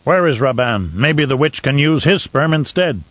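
A man reading an audiobook, voicing a furious, vain, blustering Baron who shouts his orders. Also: medium pitch, lively intonation, normal speed, no echo, highs cut off. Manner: loud, blustering, spiteful. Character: raging, vain, cruel male Baron.

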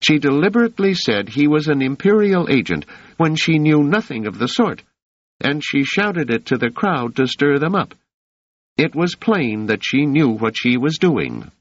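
Man putting on a shrill, indignant landlady. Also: sing-song, moderate pace, no room sound, lo-fi sound. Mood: shrill, accusing. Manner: shrill, accusing.

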